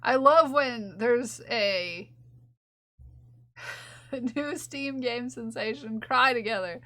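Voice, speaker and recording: A bright, fairly high-voiced young woman chats casually with her live-stream viewers. She gushes and giggles and talks slowly, and her desk mic gives a dry, close sound. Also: no echo. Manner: giggly, gushing, talks to chat by name.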